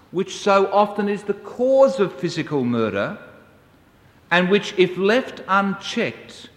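Slow-spoken preacher in an echoey hall. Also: male voice, on the high side. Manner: slow, measured storytelling. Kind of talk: sermon. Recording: echoey hall, distant mic.

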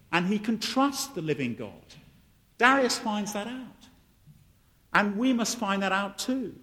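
A man's voice: on the high side, a bit bright. A man preaching a sermon and telling the story with animation, acting out the voices he quotes. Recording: long hall reverb.

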